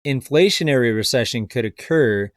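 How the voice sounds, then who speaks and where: A man's voice: medium pitch, expressive, moderate pace, no room sound, clean studio sound. A man giving casual video commentary on the economy, skeptical and rambling, addressing viewers as folks. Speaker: finance commentator.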